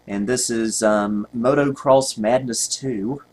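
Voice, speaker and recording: A man's voice: mid-range voice, steady tone, takes it slowly, a little hiss or hum. A man, rambling and joking at himself with many ums while commenting on gameplay. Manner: rambling, self-mocking, many ums and laughs. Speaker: retro computer video host.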